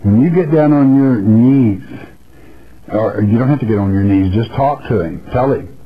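A man's voice: mid-range voice, animated, moderate pace. Man, radio preacher, earnest verse-by-verse teaching, dull lo-fi broadcast sound. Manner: earnest, repeats phrases, addresses listener as friend.

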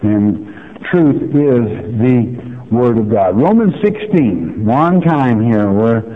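A man's voice: mid-range voice, sing-song, slow. Folksy male Bible teacher on tinny radio. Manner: folksy, emphatic, asks the listener questions. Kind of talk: sermon-style Bible teaching. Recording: tinny phone-like radio broadcast.

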